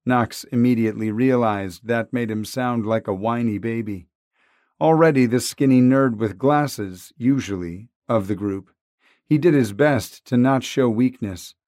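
A man's voice: mid-range voice, a little slow, darkish tone, no room sound, studio quality. A man narrating a novel in a wry, conversational tone. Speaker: audiobook narrator. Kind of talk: scripted narration.

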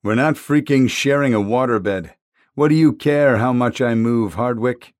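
A snippy, sarcastic teenage boy, hurt and cold but quick with a jab, as a male narrator voices him. The delivery is close and dry, with no room sound around it. The voice sits at an ordinary middle pitch. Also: a little mellow, dry recording, close to an everyday voice. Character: injured teenage boy, snarky nerd.

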